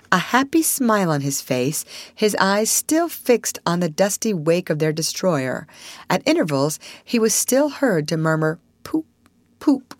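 A woman narrating a classic storybook aloud in an expressive, measured way. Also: mid-range voice, dry recording.

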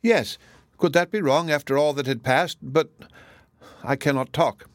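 A man voicing a grief-stricken young woman in an audiobook, pleading and anguished, a little higher than his own voice. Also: a little slow, no echo, studio quality, lightly acted. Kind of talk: audiobook character voice.

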